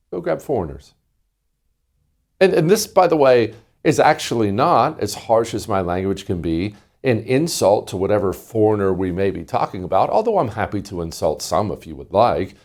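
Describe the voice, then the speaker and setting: A man's voice: on the low side, darkish tone. A middle-aged man hosting a talk show, delivering a combative, sarcastic monologue. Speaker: host.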